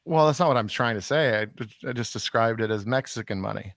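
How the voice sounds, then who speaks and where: A man with a mid-pitched voice co-hosting a comedy podcast, talking in a halting, deadpan way full of fillers. The sound is dry and close, with no room around it. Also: dry recording. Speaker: podcast co-host. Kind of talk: casual chat. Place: Texas.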